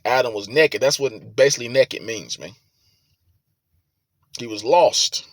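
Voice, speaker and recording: Male preacher, mid-pitched, dry close sound, reads verses with loud emphasis between profane commentary. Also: a little slow, no room sound. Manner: forceful, swearing, rises to loud emphatic reading. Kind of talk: scripture reading with sermon commentary.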